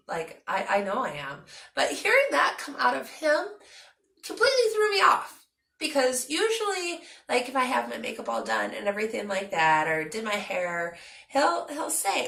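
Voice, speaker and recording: A young woman chatting casually to her vlog audience, animated and talkative with lots of fillers. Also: on the high side, creaky, reverberant. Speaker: vlogger.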